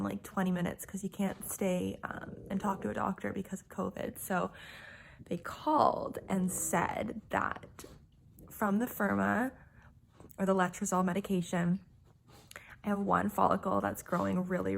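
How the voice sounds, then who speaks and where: A woman's voice: mid-range voice, creaky, a little hiss or hum. Chatty young woman filming a video diary. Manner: chatty and candid, with many fillers. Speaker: vlogger. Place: inside a car.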